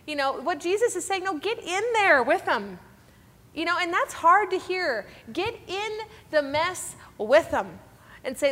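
A woman in her thirties talks about faith in an earnest, conversational way and keeps turning to her listeners. Her voice sits high. The recording carries a long reverb tail. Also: animated, unhurried, fairly bright tone. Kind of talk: faith talk.

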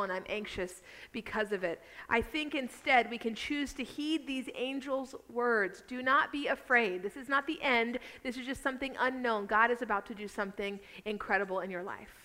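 Bright-voiced woman talking faith. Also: on the high side. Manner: earnest, fast, many fillers. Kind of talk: faith-based podcast chat.

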